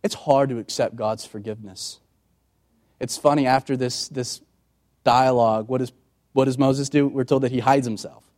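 A man preaching a sermon as a pastor, moving from loud emphatic passages to quiet, hushed ones and acting out voices in quoted dialogue. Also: steady tone, moderate pace. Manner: dramatic, sweeping from loud emphatic highs to hushed tones.

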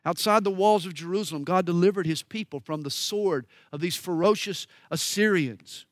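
A high-pitched man from the American South preaches with folksy emphasis. He booms through scripture readings, then drops to quiet asides. The sound is dry and close. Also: normal speed, dry recording. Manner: folksy, emphatic, swings between loud declaiming and quiet asides. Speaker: pastor. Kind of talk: sermon.

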